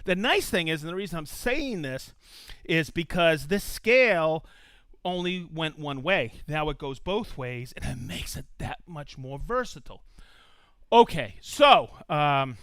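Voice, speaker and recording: A man hosting a live tool demonstration stream in casual chat, excitable and whooping. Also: fairly high pitch, a little slow, dry recording. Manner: excitable, reads out viewer shout-outs with whoops.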